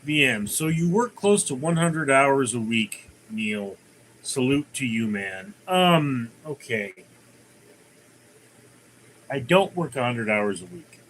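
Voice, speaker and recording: A man's voice: mid-range voice, expressive, slow pace, a bit bright, a little hiss or hum, low-quality recording. A man hosting a casual livestream, rambling through viewer comments and telling jokes. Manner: rambling, many fillers and restarts, tells jokes. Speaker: livestream host.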